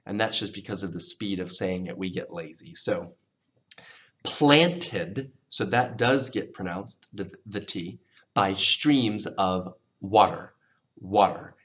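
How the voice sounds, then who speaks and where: A man's voice: low voice, fairly bright tone, muffled recording. Patient man drilling English pronunciation. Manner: patient, drills words slowly and repeats them. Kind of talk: pronunciation lesson.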